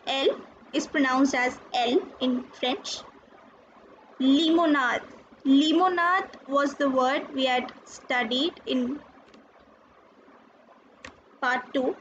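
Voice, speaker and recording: A woman's voice: sits high, takes it slowly, long pauses, fairly bright tone. A woman teaching a recorded French lesson, patiently spelling out letters and repeating each word. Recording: dull lo-fi with faint noise.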